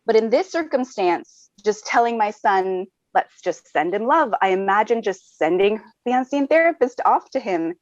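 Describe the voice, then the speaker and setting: A woman's voice: on the high side, darkish tone, no echo, lo-fi sound. A woman, a mother of three, telling a personal story on a webinar, earnest and often saying "like.". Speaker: webinar guest. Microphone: video call.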